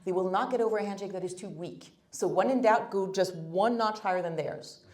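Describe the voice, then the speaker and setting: A woman presents a live workshop talk a little fast, her mid-range voice darkish in tone. She's blunt and emphatic with a wry sense of humor, and the hall sounds roomy.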